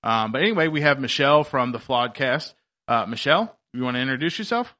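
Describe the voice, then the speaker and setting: A man's voice: medium pitch, lively intonation, fast talker, sharp tone. A man hosting a faith podcast, chatting casually in an upbeat, rambling way with many fillers and restarts. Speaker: podcast host.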